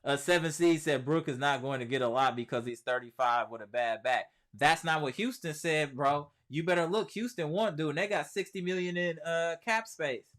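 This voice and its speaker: This man hosts a laid-back sports live stream, responding in slangy, chatty fashion to the viewer comments he reads out and hammering his points through repetition. He has a fairly high, fairly bright voice and speaks at a normal pace with few pauses.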